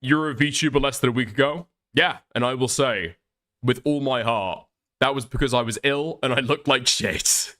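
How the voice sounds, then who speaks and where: A man's voice: medium pitch, normal speed, pushed and bright. An Irish man streaming live while ill with the flu, reading chat and ranting with lots of swearing and laughter. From Ireland. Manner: profane, ranting, laughing often.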